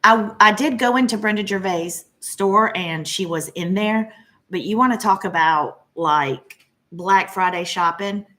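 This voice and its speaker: A woman's voice: medium pitch, unhurried, sharp tone. A middle-aged woman, chatting casually and gushing as she shows off her cross-stitch haul. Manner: chatty and gushing, many fillers. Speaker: flosstube host. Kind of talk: casual chat showing cross-stitch purchases.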